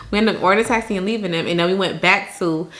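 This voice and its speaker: A woman from Jamaica telling a vacation story to her viewers in a casual storytime, animated and laughing often. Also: mid-range voice, quick pace, slight background noise.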